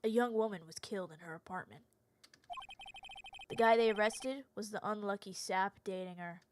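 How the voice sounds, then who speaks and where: A woman voicing an earnest young male rookie lawyer, reading his game narration in a low, quiet, sincere voice. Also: normal speed, background noise, natural voice. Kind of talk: reading game narration aloud while streaming.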